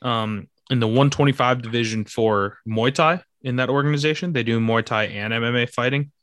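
A man's voice: mid-range voice, brisk, fairly bright tone, no echo. Young guy podcast host, chill and rambly, dry close mic. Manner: laid-back, filler-heavy, reads news items aloud. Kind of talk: casual chat.

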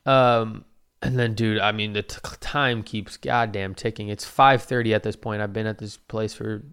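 A man's voice: on the low side, fairly even intonation, normal speed, a bit bright, clear, resonant tone. A young man telling a story in a rambling, profane and slangy way. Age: young adult. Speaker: vlogger. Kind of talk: casual storytelling.

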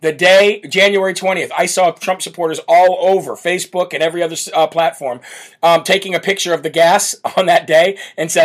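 A man's voice: sits high, fairly even intonation, brisk. A man hosting a live political commentary show, brash and mocking, reading viewer comments aloud between rants. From United States. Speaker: political talk show host.

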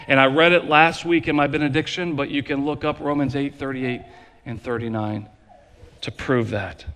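A man preaching a sermon as pastor, emphatic and repetitive, swinging between loud declarations and quiet low passages. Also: steady tone, moderate pace. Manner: emphatic preaching with repeated phrases, varying loud and soft. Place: church sanctuary. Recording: long hall reverb.

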